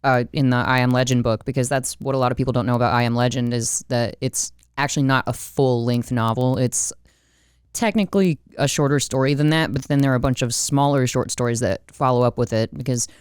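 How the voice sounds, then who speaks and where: A woman's voice: rumbling low, a little fast, a little mellow, clean tone, dry recording, clean studio sound. A woman co-hosting a casual movie podcast, chatty and laughing as she talks. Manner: chatty, laughs while telling. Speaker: podcast co-host.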